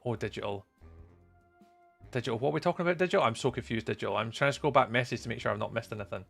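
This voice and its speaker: A young man chatting casually with viewers while live streaming, playful and often trailing off into a softer voice. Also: mid-range voice, fairly quick, vocal fry, long pauses, soft background music.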